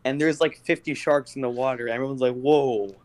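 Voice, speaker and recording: A young man on a casual podcast, telling a story in a rambling, hesitant way. He keeps losing the thread. His voice sits at an ordinary middle pitch for a man. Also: fairly even intonation, fast talker, clear, resonant tone. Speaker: podcast co-host.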